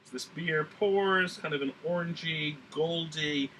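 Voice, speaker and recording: A man's voice: on the high side, measured pace, a bit bright, slight background noise. A man talking in a put-on Southern drawl, reviewing a beer in a casual, rambling way with lots of fillers and some blunt swearing. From New England.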